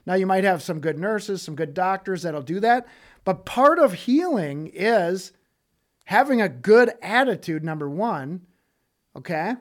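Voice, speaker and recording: A man's voice: high-pitched, measured pace. A man giving a casual Bible teaching, reading scripture and acting out the people in it, often checking in with "okay?". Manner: animated, acts out quoted voices, frequent "okay?" check-ins. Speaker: preacher.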